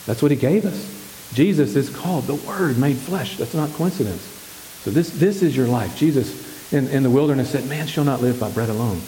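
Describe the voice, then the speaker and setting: A man's voice: medium pitch, normal speed, warm tone. A male pastor preaching a sermon, asking the congregation questions and answering them himself. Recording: echoey hall with faint hiss.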